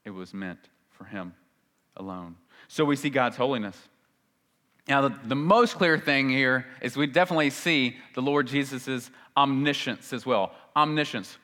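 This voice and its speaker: Male pastor, emphatic sermon, loud then hushed, long hall reverb. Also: mid-range voice. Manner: emphatic, swings between loud and hushed, repeats for stress.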